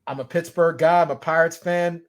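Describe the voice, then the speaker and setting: A man hosting a sports show in a loud, joking, rambling manner. His voice sits high for a man. He chats casually with his co-host. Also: steady tone, brisk.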